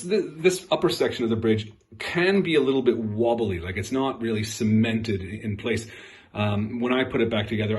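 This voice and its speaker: A middle-aged man casually walking through a guitar repair he did, rambling and correcting himself with lots of fillers. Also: medium pitch.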